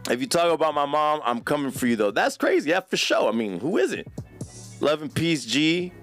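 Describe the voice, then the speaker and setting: A man's voice: fairly high pitch, big pitch swings, moderate pace, soft background music. A man hosting a live podcast, reading chat comments in a casual, profane, slang-heavy way. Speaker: podcast host.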